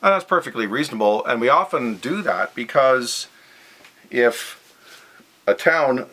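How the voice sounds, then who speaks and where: Bright-voiced man teaching physics. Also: medium pitch, lively intonation, unhurried. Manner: methodical, step-by-step, stresses key words. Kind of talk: recorded lesson explaining over slides.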